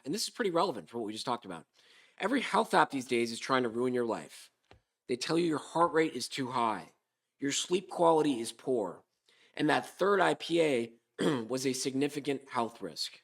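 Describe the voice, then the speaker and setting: A man hosting a comedic podcast monologue, hoarse from a sore throat, with a sarcastic, rambling delivery. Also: medium pitch, expressive, moderate pace, a bit bright. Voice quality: hoarse, smoker-like. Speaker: podcast host.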